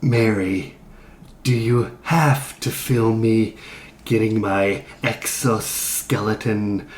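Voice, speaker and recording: Man reading a dry, deadpan bug celebrity, slow, echoey room with faint hiss. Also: on the low side. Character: giant bug man, wry internet celebrity. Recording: roomy echo with faint noise.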